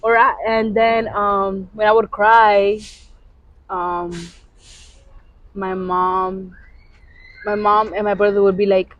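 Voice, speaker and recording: A woman co-hosting a podcast, telling a personal story in casual confessional chat, halting with many restarts. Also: medium pitch, little pitch movement, no echo, muffled recording. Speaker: podcast co-host.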